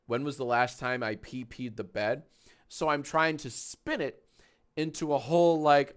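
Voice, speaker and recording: A man in his thirties chatting casually on a live stream from a small home office, animated and swearing freely. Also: mid-range voice, measured pace, clear, resonant tone. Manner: animated, swearing, baby talk to his dog.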